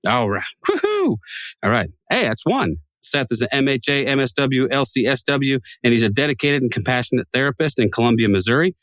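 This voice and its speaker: Man, podcast co-host, rambling jokes, mid-pitched, dry close mic. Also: fairly quick, few pauses, fairly bright tone, no echo. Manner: joking, rambling, laughs often. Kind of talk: casual chat.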